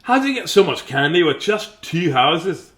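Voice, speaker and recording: A man's voice: on the high side, sing-song, moderate pace, fairly bright tone, voice pushed up. A man voicing a stern grown-up policeman in a read-aloud storybook. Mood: puzzled. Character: gruff grown-up male policeman.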